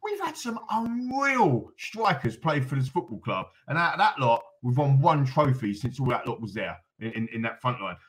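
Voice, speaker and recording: A man's voice: mid-range voice, sing-song, normal speed, few pauses, fairly bright tone, poor audio. A man ranting with passion on a fan podcast, reeling off lists and calling himself on a rant. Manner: ranting, emphatic, apologetic asides. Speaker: fan pundit guest.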